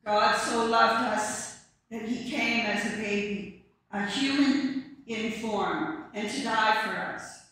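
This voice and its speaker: A preacher giving a calm, measured reflective sermon at morning prayer in a church sanctuary. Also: mid-range voice, a little hiss or hum. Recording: echoey church heard from a distance.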